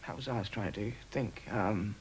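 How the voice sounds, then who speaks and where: A man who served as aircrew, recalling events in a documentary interview in a halting way, with many pauses and fillers. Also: fairly low pitch, slight background noise, poor audio. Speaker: former RAF aircrew interviewee.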